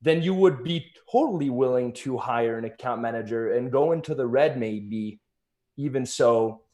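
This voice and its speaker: A man's voice: mid-range voice, moderate pace, a little mellow, highs cut off. Earnest man explaining business as a guest. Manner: earnest, explanatory, builds points with examples. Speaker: guest, agency founder. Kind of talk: casual interview chat.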